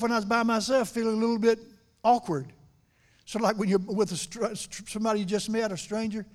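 A middle-aged pastor preaches from the pulpit in a fairly high voice. He talks with his congregation like a conversation, asking them questions. His volume rises to loud emphasis and falls back to near-whispered confiding. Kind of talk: sermon. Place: church sanctuary.

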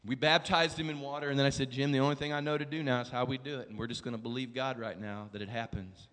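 A male pastor preaching a sermon, telling a story in a hushed voice and building up to shouted exhortation. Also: mid-range voice, fairly even intonation, quick pace. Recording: long reverb of a large hall.

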